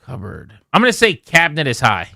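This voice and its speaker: Man, sports radio host, casual chat, restarts, bright voice. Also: a little high, wildly swooping pitch, a little fast, gravelly, dry recording, studio quality. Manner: chatty, self-interrupting. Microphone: studio microphone.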